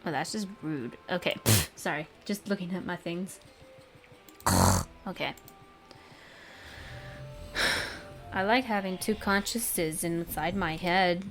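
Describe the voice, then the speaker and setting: A woman's voice: on the low side, measured pace, faint music behind. A young woman casually commenting over her gameplay with a sore throat, chatty, self-mocking and profane. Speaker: gaming host.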